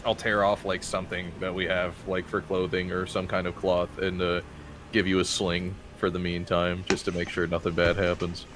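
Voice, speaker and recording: A man playing a tabletop game, chatty and quick to laugh. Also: deep voice, monotone, noisy background. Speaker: player. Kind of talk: casual tabletop play.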